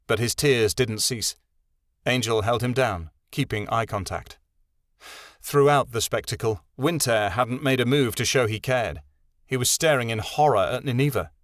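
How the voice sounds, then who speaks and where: A man narrates a fantasy audiobook in a measured, dramatic way. His voice sits mid-pitch and the recording is dry and close. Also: no room sound.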